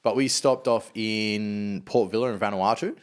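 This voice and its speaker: A man's voice: on the low side, fairly even intonation, moderate pace, clear, resonant tone. A man as a podcast guest, chatting bluntly with crude slang and lots of swearing. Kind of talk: casual chat.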